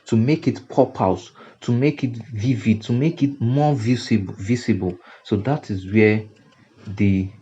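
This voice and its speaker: Nigerian man teaching design, low mellow voice. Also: breathy edge. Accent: Nigerian English. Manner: repetitive, explanatory, frequent "now" and "you see". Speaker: graphic design instructor. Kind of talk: screen-recorded tutorial lecture. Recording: dull lo-fi recording.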